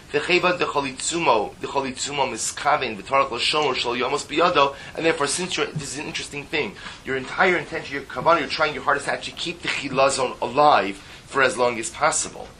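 A man's voice: medium pitch, bright, forceful tone, a little hiss or hum, rough recording. A man teaching a Talmud class in English, explaining step by step with rhetorical questions and passages in a style.

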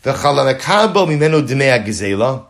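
A man's voice: mid-range voice, normal speed. A man teaching a Torah lesson in class, telling dramatic examples and repeating key phrases for emphasis. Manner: animated, dramatic storytelling with role-play examples.

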